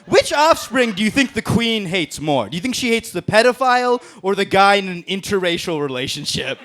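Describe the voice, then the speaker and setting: A man's voice: high voice, big pitch swings, a little fast, fairly bright tone. A man doing a brash, profane stand-up roast set on a comedy club stage, laughing at his own jokes. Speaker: stand-up comic in a roast battle.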